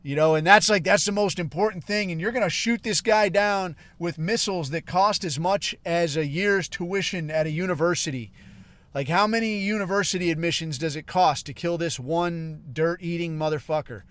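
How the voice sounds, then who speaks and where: Profane, smooth-voiced male podcast host. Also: a little high, moderate pace, a bit bright, no echo. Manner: heavy swearing, constantly says dude and bro. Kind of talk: casual profane rant.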